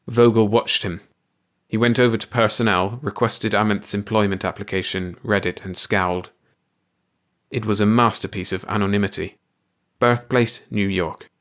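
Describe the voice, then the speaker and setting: A man narrating a short story aloud in a steady, even reading voice. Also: lowish voice. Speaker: audiobook narrator.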